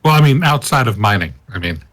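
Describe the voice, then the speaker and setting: A man's voice: mid-range voice, lively intonation, fast talker, fairly bright tone. A man playing in a tabletop game, easygoing and a bit hesitant. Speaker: player. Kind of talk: casual tabletop play.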